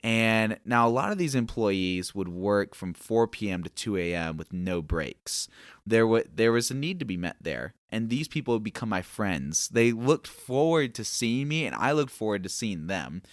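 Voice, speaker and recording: A low-pitched man telling a personal faith story in an engaging, conversational way, often slipping into the voices of the people he quotes. The recording is dry and close, with no room sound. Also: normal speed, no echo. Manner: lively storyteller who acts out dialogue. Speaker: podcast host.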